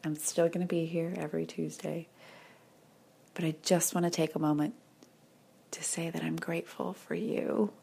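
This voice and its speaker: A woman hosting a weekly podcast, speaking softly and intimately in a reflective monologue, at times sinking to a whisper and near tears. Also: sits low, flat delivery, normal speed, gravelly, pauses often, husky. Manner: soft, intimate, drops into whispers when moved. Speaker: podcast host.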